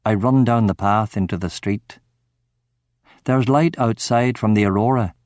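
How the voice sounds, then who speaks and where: A man giving steady, measured first-person narration of a crime novel audiobook. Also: fairly low pitch, no room sound, clean studio sound.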